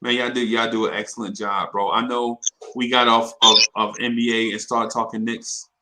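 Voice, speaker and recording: A man's voice: mid-range voice, little pitch movement, moderate pace, sharp tone, rough recording. A man in his fifties telling rambling stories in a casual chat, repeating words and laughing as he goes. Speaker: regular in a live audio chat room.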